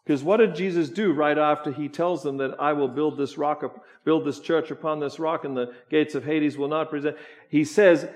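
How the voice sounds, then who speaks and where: A man preaching a sermon, slow and emphatic, asking the congregation questions as he goes. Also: a little high. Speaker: pastor.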